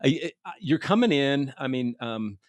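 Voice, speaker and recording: A man's voice: mid-range voice, expressive, a little slow, dry recording. A man hosting a podcast interview, asking questions in an enthusiastic and affirming way. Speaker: podcast host.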